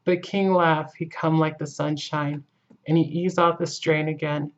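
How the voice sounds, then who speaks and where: An aging Dutch professor, read by a woman, talks in earnest broken English, mournful and philosophical. The voice sits low and flat, hardly moving in pitch. The recording is dull and lo-fi. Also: unhurried. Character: older Dutch male professor, grieving and philosophical. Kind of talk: audiobook reading.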